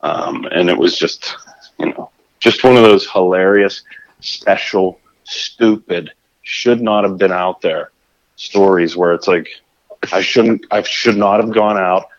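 Guy telling a story on a podcast, kinda low voice, gets animated, muffled lo-fi sound. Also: slow pace. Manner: animated, acts out his own shouts and scrambles with restarts. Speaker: guest telling a fishing story. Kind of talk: casual storytelling.

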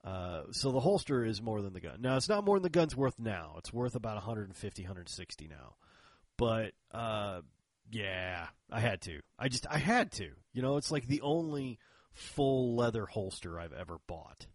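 A man with a fairly low voice tells a rambling story in casual chat, acting out each quoted line and breaking into laughter. The sound is dry and close, with no room around it. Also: sing-song, normal speed, no room sound.

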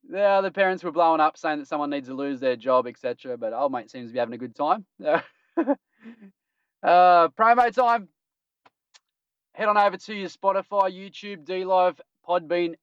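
A man's voice: a little high, clean tone, dry recording. A man hosting a casual podcast news roundup, joking and laughing at his own jokes. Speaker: podcast host. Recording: dull dry lo-fi recording.

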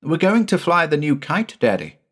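A man putting on a high little boy. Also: big pitch swings, normal speed, a bit bright, breathy edge, full character voice. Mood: eager. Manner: high and eager. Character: small boy, curious and insistent.

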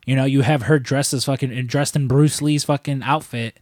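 A young man hosting a podcast, telling stories in a rambling, profane, animated way. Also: mid-range voice, normal speed, no room sound, studio quality. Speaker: podcast host. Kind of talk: casual chat.

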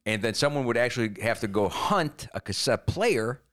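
A man's voice: mid-range voice, lively intonation, normal speed, a bit bright. A man co-hosting a comedy podcast, rambling through absurd schemes in casual chat. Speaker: podcast co-host.

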